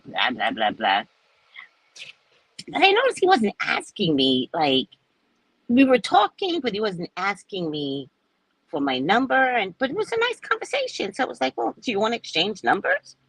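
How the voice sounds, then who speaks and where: Chatty and animated, a psychic reader in her sixties hosts live and talks casually with viewers, acting out the people and quotes in her stories. Her fairly low, slightly rough voice comes through a rough recording with no room sound.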